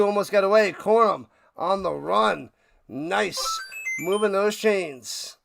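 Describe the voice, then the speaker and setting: A man hosting a live watch party, calling plays casually and chatting with viewers, bursting into loud hype on big plays. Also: sits high, slow pace, gravelly. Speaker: watch party play-by-play host. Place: home room, his man cave.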